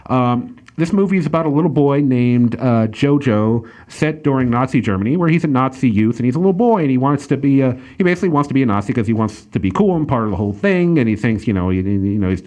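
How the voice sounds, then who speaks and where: A man's voice: medium pitch, lively intonation, fast talker, hardly any pauses, dark tone. A man hosting a casual podcast, reviewing a movie in a rambling way with lots of fillers and restarts. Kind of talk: casual chat.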